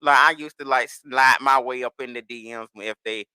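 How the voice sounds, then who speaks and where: A man's voice: mid-range voice, steady tone, brisk, pushed and bright, smooth, no echo. A man as a podcast guest, telling candid stories in casual chat and slipping into the voices of people in them. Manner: candid storytelling, slips into voices of others.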